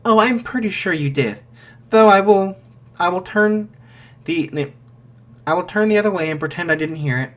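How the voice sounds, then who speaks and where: A man's voice: fairly high pitch, measured pace, long pauses, a bit bright. A man voicing a courteous small rat-like principal speaking through an intercom, reassuring and a little wry.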